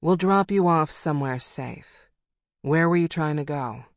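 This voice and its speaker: A woman narrator voicing an icy-eyed older woman who hunts monsters, speaking calm, courteous and dry in an audiobook. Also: deep voice, unhurried, dry recording. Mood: curt. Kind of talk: audiobook character voice.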